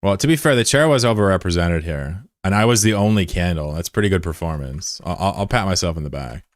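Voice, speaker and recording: A man streaming as the developer of his own game, chatting casually and swinging between excited shouting and muttered frustration. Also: low voice, quick pace, dry recording, clean studio sound. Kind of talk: casual livestream chat.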